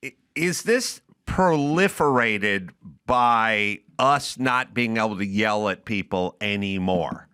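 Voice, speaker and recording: A man's voice: lowish voice, animated, takes it slowly, bright, forceful tone, clear, resonant tone, dry recording, clean studio sound. A middle-aged man hosting a comedy podcast, ranting bluntly and profanely in casual chat. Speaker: podcast host.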